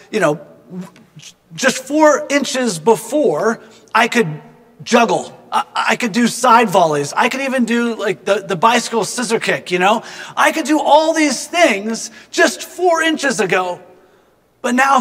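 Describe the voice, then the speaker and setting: A man with a high-pitched voice tells a personal story as a devotional reflection. He is earnest and thoughtful and keeps turning to address the listener. His voice carries a long reverb tail. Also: expressive, a little slow, fairly bright tone, husky. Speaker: speaker giving a devotional reflection.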